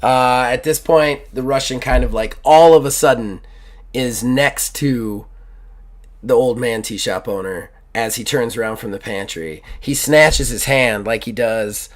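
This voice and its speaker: A man's voice: medium pitch, measured pace. Chatty male game master. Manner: rambling, enthusiastic, filler-heavy. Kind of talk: narrating a tabletop game.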